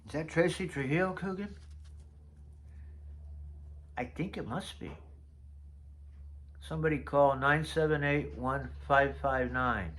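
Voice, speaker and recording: Speaking a little slowly with frequent pauses, this man in his sixties has a fairly high, bright voice. In a casual vlog, he reminisces chattily about old notes from his past, wandering and trailing off partway through thoughts.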